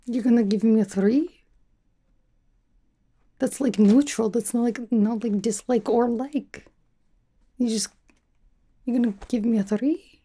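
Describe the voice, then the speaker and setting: A young woman voicing a brash, teasing female spy who interviews a recruit, in whispered role-play with a soft, half-whispered, rambling way of talking. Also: on the high side, a little slow, pauses often, breathy edge. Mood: playful teasing. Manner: teasing, chatty, self-absorbed, drops articles. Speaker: ASMR creator.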